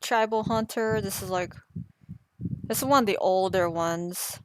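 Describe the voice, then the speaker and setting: A woman's voice: mid-range voice, unhurried. A woman chatting casually on a live art stream, rambling and laughing at herself. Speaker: artist streamer.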